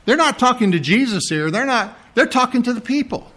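Animated, high-voiced male preacher. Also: brisk, few pauses. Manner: animated, mocks the priests in a put-on sneering voice. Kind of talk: sermon.

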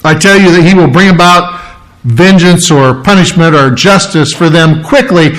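A pastor preaching a sermon, emphatic and conversational, slowing down to read scripture and repeating key phrases. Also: male voice, on the high side, a bit bright, rough recording. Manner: conversational, with frequent restarts and throat clearing.

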